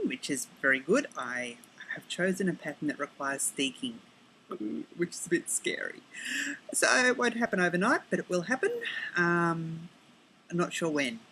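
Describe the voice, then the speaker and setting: A middle-aged Australian woman hosting a podcast, chatting casually and rambling with quick self-corrections and asides, recorded outdoors on her deck. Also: low voice, sharp tone, a little hiss or hum, poor audio. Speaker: podcast host. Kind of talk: casual chat.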